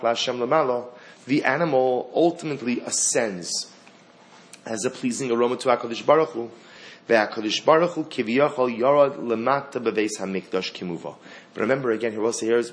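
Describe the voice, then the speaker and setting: A man teaching a Torah class in an earnest way, asking questions and answering them himself, repeating key phrases, with some faint noise behind him. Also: medium pitch.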